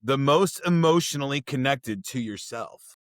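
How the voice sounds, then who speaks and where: A man's voice: medium pitch, lively intonation, normal speed, no room sound. Earnest male podcast host, dry sound. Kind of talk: casual interview chat.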